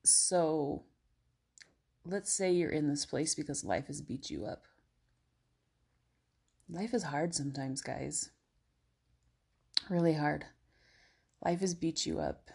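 A woman hosting a casual self-help podcast, talking in a gentle, encouraging way with many fillers and slipping at times into soothing guided relaxation. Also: deep voice, slow, vocal fry, pauses often, breathy edge. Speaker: podcast host.

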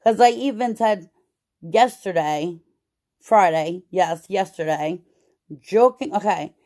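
A woman podcast host venting about her job in a casual, profane, animated way, with many "like"s. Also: lowish voice, slow pace. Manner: profane, animated storytelling with lots of "like".

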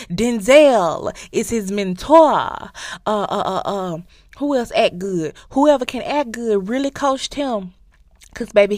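A woman's voice: mid-range voice, no room sound. Woman podcaster, casual profane recap, dry close sound. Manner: animated, profane storytelling with acted-out quotes. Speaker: podcast host.

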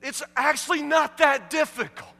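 A man's voice: very high voice, normal speed, vocal fry, pushed and bright, big-room sound. A man preaching a sermon, pressing the congregation with emphatic, repeated rhetorical questions. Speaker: pastor.

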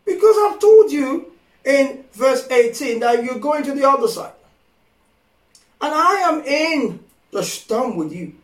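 Slow, echoey preacher with a high voice. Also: male voice, sing-song. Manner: rising to impassioned shouted pleas; slow, emphatic, repeats phrases. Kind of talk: sermon. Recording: echoey room from far off.

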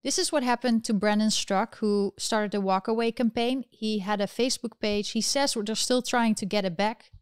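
A woman's voice: medium pitch, fairly even intonation, moderate pace, few pauses, smooth, no echo. A woman hosting a political commentary livestream. She talks with passion, keeps firing rhetorical questions and reads out comments from viewers. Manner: impassioned, fires rhetorical questions. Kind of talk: livestream commentary reading chat.

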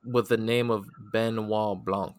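A man with a slightly low voice talks through a movie in a loose, unhurried review chat, pausing often on fillers. The sound is dry and close, with no room around it. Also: no room sound. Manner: relaxed, halting with many fillers. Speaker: podcast co-host.

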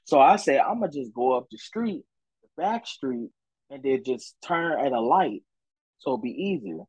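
A young adult man co-hosting a podcast, telling a story in casual, profane chat and acting out quotes in a higher voice. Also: sing-song, a little slow, a little mellow, breathy edge, dry recording, poor audio. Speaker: podcast co-host.

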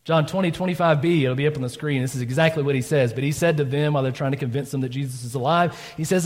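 A man's voice: mid-range voice, fast, hardly any pauses, darkish tone. A man preaching a sermon, telling the story conversationally, acting out quotes and often asking "right?". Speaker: pastor. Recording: long reverb of a church hall.

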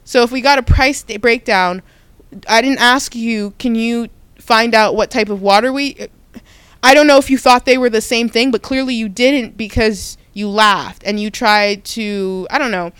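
A young woman hosting a podcast, telling a personal story in a casual, animated way with frequent restarts and self-corrections. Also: a little high, normal speed, clean tone, no room sound. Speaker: podcast host.

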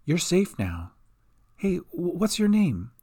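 A man's voice: high-pitched, wildly swooping pitch, takes it slowly, dark tone, husky, pitched above the performer's own voice, heavily acted. An earnest young adventurer, voiced by a man, talks with protective urgency. The voice sits slightly above the narrator's own and moves expressively. It is told as a storybook audio drama. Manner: earnest, urgent when giving orders.

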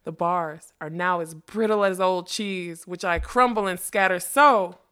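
Woman doing a big show-off magician guy, loud and grand, storybook voice. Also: on the low side, measured pace, clean tone. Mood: confident. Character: grand, boastful male magician, tall and odd. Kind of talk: storybook reading.

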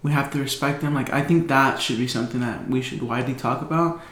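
A man's voice: mid-range voice, fast talker, fairly bright tone. Young man telling a slangy story, echoey room. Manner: loose storytelling, heavy slang and swearing, many fillers. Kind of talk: casual chat.

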